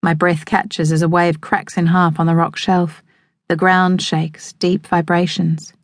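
A woman narrating a novel in the first person, measured and evocative. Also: lowish voice, level tone, no room sound. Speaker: audiobook narrator. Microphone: close studio microphone. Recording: dry close studio sound.

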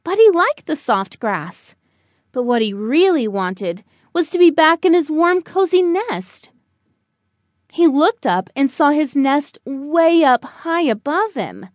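A woman narrating a children's storybook in a slow, expressive, animated way. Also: sits high, dry recording. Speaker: audiobook narrator.

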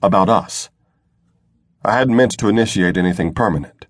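A man's voice: fairly low pitch, moderate pace, dry recording, clean studio sound, close to an everyday voice. A man voicing a weary, resigned male governor in an audiobook. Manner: tired, resigned. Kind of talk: audiobook narration.

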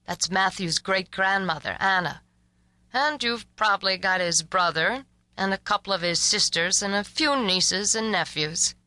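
A woman narrating an audiobook voices a blunt, matter-of-fact man giving news by phone, in a low-key delivery close to her own voice. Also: unhurried, sharp tone, dry recording. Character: laconic man, the caller cousin.

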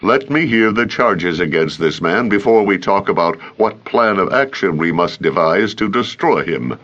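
A man voicing a calm, dignified older male councilman in an audiobook, speaking deliberately. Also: low voice, dull audio.

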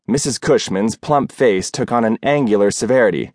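A man's voice: lowish voice, moderate pace, few pauses, darkish tone, dry recording. Man narrating an audiobook, dry studio sound. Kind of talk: scripted narration.

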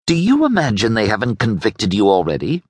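Man doing a young noblewoman, fierce, urgent, pleading, lively voice, audiobook. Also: lowish voice, brisk, husky, no room sound, studio quality, exaggerated voice. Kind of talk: audiobook character voice.

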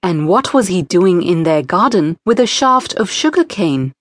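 A woman narrating a children's storybook in a gentle, expressive way. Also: fairly low pitch, a little slow, hardly any pauses, dry recording. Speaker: audiobook narrator.

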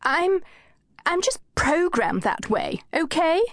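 Woman voicing a whiny high-voiced society girl. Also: sing-song, slow, no room sound, studio quality, heavily acted. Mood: feeble. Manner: feeble, spluttering, high-pitched. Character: whiny, tearful young society woman desperate to wed. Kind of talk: audiobook character voice.

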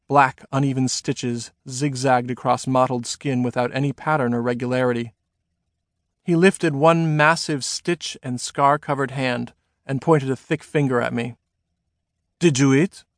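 A man reading his own novel aloud as a first-person audiobook narration, measured and expressive. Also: medium pitch, no room sound, studio quality.

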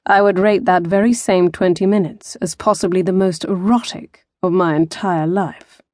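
A woman reading an audiobook voices a teasing young male womanizer, murmuring slowly and softly. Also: fairly even intonation, no room sound, studio quality, lightly acted. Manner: murmuring, slow and low-key. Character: charming teasing young man, a notorious womanizer. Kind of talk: audiobook character voice.

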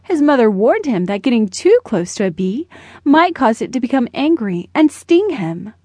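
A woman narrating a children's storybook in a gentle, measured way, close to the mic. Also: on the high side, big pitch swings, dry recording. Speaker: audiobook narrator.

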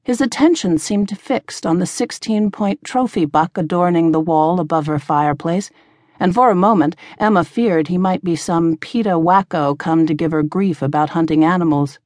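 Low-voiced woman narrating a novel. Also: normal speed, darkish tone, dry recording, clean studio sound. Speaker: audiobook narrator. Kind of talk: scripted narration.

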